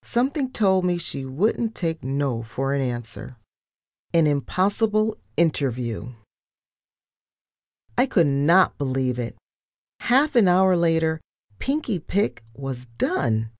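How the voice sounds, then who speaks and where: A woman reading a children's chapter book aloud in an expressive, unhurried storytelling manner. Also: deep voice, no echo, studio quality. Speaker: storybook reader.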